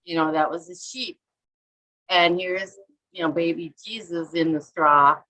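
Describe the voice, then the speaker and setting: Here a woman with a lowish voice speaks a little slowly and steadily, sounding pushed and bright through poor audio. She is a middle-aged artist and author from Minnesota, USA, who chats and rambles through stories in a casual interview, acting out quotes and self-talk.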